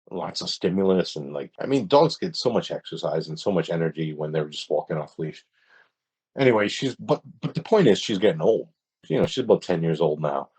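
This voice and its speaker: A man, a podcast guest, tells a story in a casual, halting way, often restarting his sentences. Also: low-pitched, darkish tone, breathy edge. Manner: hesitant, halting, with many restarts.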